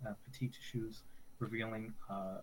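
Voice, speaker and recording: A man's voice: lowish voice, little pitch movement, a little slow, noisy background. A man playing a tabletop role-playing game, describing his character's actions hesitantly, with many fillers and restarts. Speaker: player.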